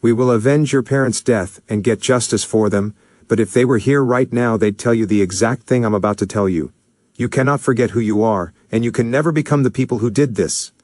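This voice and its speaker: A man's voice: mid-range voice, fairly quick, a little mellow, no room sound, clean studio sound, lightly acted. A man voicing a stern older male scientist who scolds and lectures his protégé.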